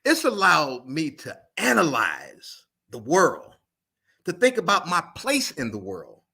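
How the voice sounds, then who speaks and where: A man's voice: on the high side, wildly swooping pitch, slow pace, creaky, bright, forceful tone, breathy edge. A middle-aged man, a jazz musician, giving earnest, motivational interview answers and often asking "right?". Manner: motivational, earnest, sprinkles "right?" and "you know".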